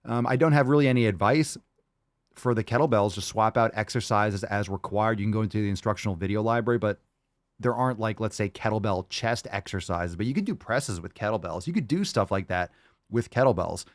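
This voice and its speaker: A man's voice: lowish voice, a little fast, dry recording, clean studio sound. Hyped, profane male podcast host. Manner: loud, hyped, profane and jokey. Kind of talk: casual solo podcast, reading fan posts.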